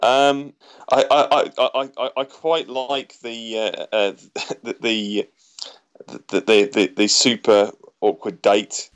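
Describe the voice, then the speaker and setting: Halting man, stammering through his thoughts. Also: mid-range voice, flat delivery, clean tone. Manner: halting, stammers and restarts a lot. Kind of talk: casual film discussion.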